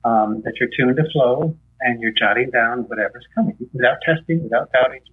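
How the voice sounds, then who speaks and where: A man with a husky voice, a guest in an interview, teaching on faith in a conversational way and animatedly acting out dialogue. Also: a little fast. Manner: animated storyteller, acts out dialogue with rising pitch. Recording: tinny phone-line sound.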